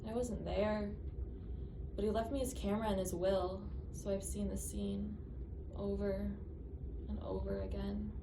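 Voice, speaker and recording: A woman rambling as a friend of the subject in a mockumentary interview, telling the story in a deadpan way. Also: mid-range voice, a little slow, long pauses. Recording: roomy, distant, noisy recording.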